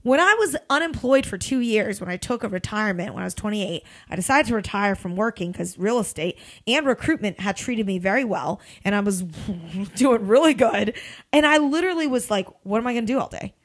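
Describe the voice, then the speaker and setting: A woman in her thirties hosting a podcast in a casual motivational monologue, emphatic and blunt, swearing freely with big swings in pitch. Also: animated, moderate pace. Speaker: podcast host and recruiter.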